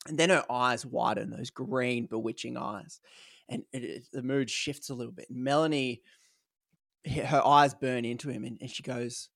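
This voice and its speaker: A man tells a story in a loose, chatty way, voicing the people in it as he goes. His voice sits at a middle pitch. The recording is dry and close, with no room sound. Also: normal speed, creaky, no echo. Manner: animated retelling, acting out quoted lines, frequent fillers. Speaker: podcast co-host telling a story. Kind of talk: casual storytelling chat.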